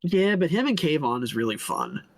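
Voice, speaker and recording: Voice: medium pitch, huge pitch swings, creaky, a little mellow, no echo. Podcast co-host, casual banter, opinionated, close dry mic. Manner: opinionated, chatty, quick to laugh. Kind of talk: casual sports chat. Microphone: own desk mic.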